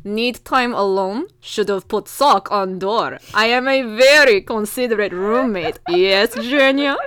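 A woman voicing a cheeky, teasing male hockey roommate in a mock Russian accent, with slow, deadpan one-liners. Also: medium pitch, no room sound, clean studio sound, natural voice.

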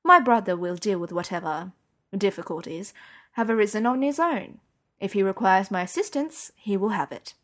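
A woman reading the lines of a guarded, formal middle-aged man in an audiobook, slow and measured. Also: mid-range voice, expressive, natural voice.

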